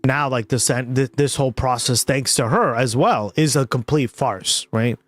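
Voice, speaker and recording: A man's voice: medium pitch, moderate pace. Chatty man saying "right?" a lot. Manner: rambling, keeps adding "right?". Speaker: streamer commenting on news. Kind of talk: casual political commentary. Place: his parents' house.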